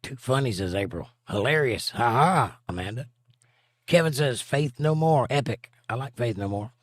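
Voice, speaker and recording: A man's voice: mid-range voice, animated, normal speed, no room sound. Middle-aged man joking with a crude edge. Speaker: livestream host and musician. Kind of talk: casual chat, reading viewer comments aloud.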